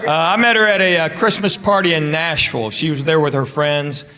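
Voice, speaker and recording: A man with a drawl works through a stand-up set, his voice sitting a little high for a man. He spins stories at an easy pace and slips into playful imitations. Venue ambience hums clearly behind him in the live room. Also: a little fast, heavy background noise. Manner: drawling storyteller, playful mimicry of locals. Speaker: stand-up comedian.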